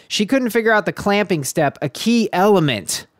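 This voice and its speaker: A man's voice: high voice, animated, normal speed, dry recording, studio quality. A man hosting a podcast, reading a long post aloud and breaking off into riled-up, incredulous rants about it. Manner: gets riled up, loud incredulous outbursts. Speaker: podcast host.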